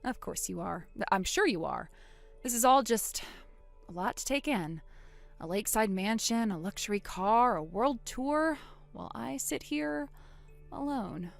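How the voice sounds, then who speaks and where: A woman voicing a wronged older sister in a dramatized text-message story, speaking quietly and deliberately. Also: on the high side, lively intonation, gravelly, soft background music. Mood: cold.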